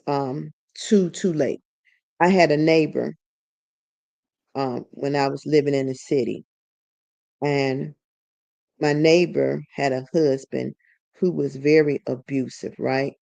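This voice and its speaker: A woman's voice: low-pitched, slow pace, gravelly, long pauses, dry recording. A woman hosting a live stream, telling a story in casual conversation and acting out the quoted dialogue. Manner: animated, acts out quoted dialogue.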